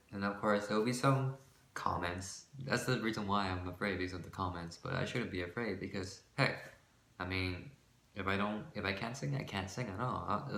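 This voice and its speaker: Bright-voiced man rambling to camera. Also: deep voice, echoey room. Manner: rambling and self-deprecating, with frequent restarts; nervous laughter between phrases. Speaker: vlogger. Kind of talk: casual talking-to-camera vlog.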